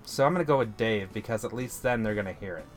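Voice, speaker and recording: A man's voice: fairly low pitch, fast, soft background music. A man co-hosting a casual gaming podcast, telling stories with a dry, joking manner. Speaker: podcast co-host.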